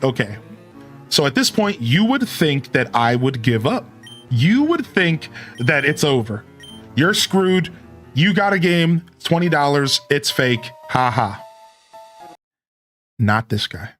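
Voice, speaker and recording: A man streaming, telling a long story to his chat and acting out both sides of phone calls with sudden jumps in pitch. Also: a bit bright.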